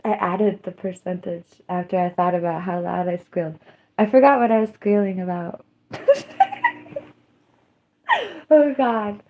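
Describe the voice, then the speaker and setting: A woman live streamer chatting casually to her viewers. She rambles loosely, mocks herself and breaks into squeals and yells. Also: fairly low pitch, normal speed, lo-fi sound, slight background noise. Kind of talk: casual livestream chat.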